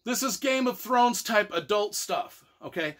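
A man's voice: sits high, lively intonation, measured pace, a bit bright. A middle-aged man, an author reviewing a book on camera, exasperated and profane, stressing his points again and again. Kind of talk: ranting book review video.

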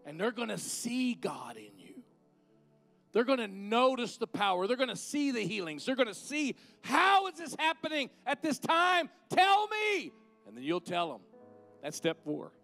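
A man's voice: high-pitched, gravelly, a bit bright. A middle-aged man, preaching a conversational sermon and leading an altar call. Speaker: guest minister.

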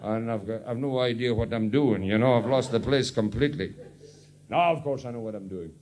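A Scottish man doing stand-up comedy, mocking and rambling in an animated way. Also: mid-range voice, a little fast.

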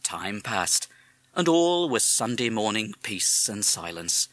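A man narrating a children's storybook audiobook in an animated, expressive way. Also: fairly low pitch, slow, no room sound.

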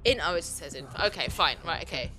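A woman's voice: sits low, lively intonation, bright, forceful tone, faint music behind. A woman co-hosting a game review, teasing her partner in casual let's-play banter. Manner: teasing, quick to laugh.

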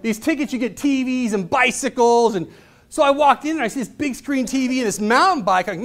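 A man in his thirties gives a motivational presentation, telling stories in a loose, chatty way with fillers and acting out the voices of the people in them. His voice is extremely high-pitched, a bit bright, and fairly quick.

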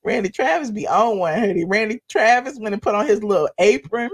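A woman's voice: medium pitch, expressive, brisk, breathy edge. A woman hosting a livestream, chatting sassily about gossip, laughing often and calling viewers honey. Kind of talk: casual gossip commentary to live viewers.

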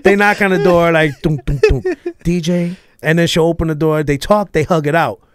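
Profane comedian guest, slightly high voice. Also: male voice, brisk. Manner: profane, animated, punchy delivery. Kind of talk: casual storytelling chat.

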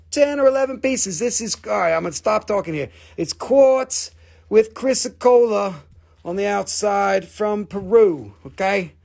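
A high-pitched man with a gravelly fry hosts a live mineral sale. He rambles, cracks jokes and curses freely, often sliding into silly voices. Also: darkish tone. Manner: rambling, joking, profane, keeps switching voices. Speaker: live stream mineral seller. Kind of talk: casual live sales stream.

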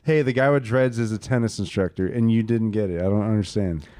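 A man's voice: on the low side, fairly quick, mellow, no room sound. A man co-hosting a casual movie review podcast, rambling with many fillers. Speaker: podcast co-host.

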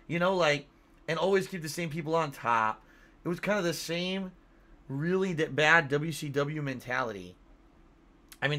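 Man, home streamer, casual rambling chat to chat, bright forceful tone, a little tired. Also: medium pitch. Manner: rambling, swears casually, reads donor messages aloud. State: yawning, tired.

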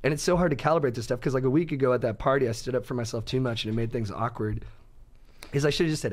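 Fast-talking man telling a story. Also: mid-range voice. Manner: animated, profane storytelling. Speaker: podcast co-host. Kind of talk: casual podcast chat.

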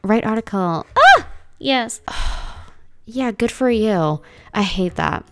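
A woman's voice: mid-range voice, animated, slow, background noise. A woman giving casual, dramatic commentary as she plays a life-sim game, full of slangy exclamations. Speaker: gaming let's-play host.

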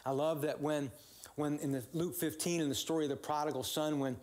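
A man's voice: on the high side, fairly even intonation, a little fast. Male pastor, conversational sermon delivery, informal with fillers. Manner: conversational, warm storytelling with many fillers and restarts.

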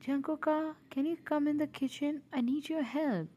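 A woman's voice: sits high, expressive, a little slow, a little mellow. A woman voicing a fussy, doting male parent in a mafia family in a fan audio drama, gushing and affectionate.

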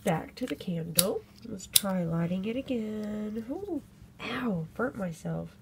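A woman's voice: mid-range voice, expressive, takes it slowly, gravelly, background noise. A young woman, chatting casually at home into a phone camera while she thinks aloud. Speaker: vlogger reviewing a candle. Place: home room.

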